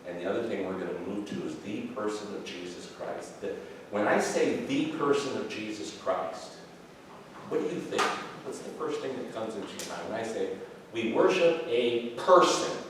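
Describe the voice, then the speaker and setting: A man leads an evening Bible class in a church classroom, speaking conversationally with fillers and restarts. His voice is on the low side at a moderate pace, with a little hiss or hum, recorded far from the mic in a very echoey room.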